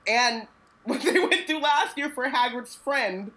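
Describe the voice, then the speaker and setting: A woman's voice: high-pitched, lively intonation, measured pace, fairly bright tone, rough recording. A woman co-hosting a casual book podcast, talking expressively with slangy asides and frequent laughs. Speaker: podcast co-host.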